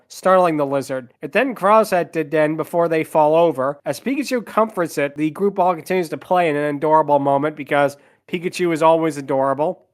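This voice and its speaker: A man hosting a podcast, casually recapping an anime episode with side comments. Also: a little high. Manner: chatty, summarizing scenes with side comments. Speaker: podcast host.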